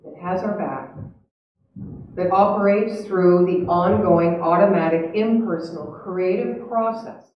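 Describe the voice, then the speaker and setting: Her voice is on the low side and steady, unhurried, captured in a muffled recording. A woman giving a spiritual talk before a live audience, she alternates between earnest chattiness and reflection, heard from afar in an echoey hall.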